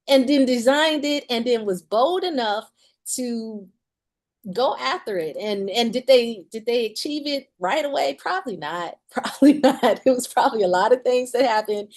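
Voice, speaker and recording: A woman's voice: fairly high pitch, a little mellow. A woman in her forties, a musician and author, candidly telling a personal story in an interview and laughing often as she talks.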